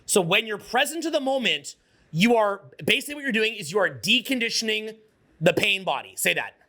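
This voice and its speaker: A man coaching a live audience in a motivational seminar, energetic, swearing freely and getting the crowd to repeat his words. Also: high voice, fairly quick. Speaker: social skills coach.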